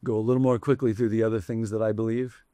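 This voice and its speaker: A man's voice: on the low side, flat delivery, fast, dark tone, no room sound. A man preaching a sermon in a conversational, reflective way, shifting his emphasis often. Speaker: pastor.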